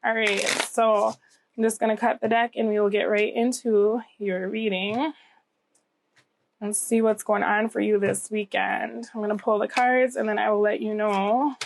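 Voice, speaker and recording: A woman's voice: medium pitch, little pitch movement, moderate pace, creaky. A woman giving a casual tarot reading to camera, a bit scratchy and nasal from a cold she is getting over, reassuring and often checking in with "okay?". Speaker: tarot reader.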